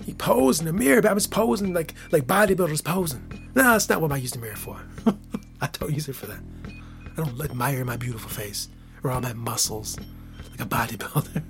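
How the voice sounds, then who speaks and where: A man's voice: fairly high pitch, fast talker, soft background music. Playful Michigan man rambling. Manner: playful, laughing, swings between loud hype and soft whispers. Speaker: podcast host. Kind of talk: casual monologue.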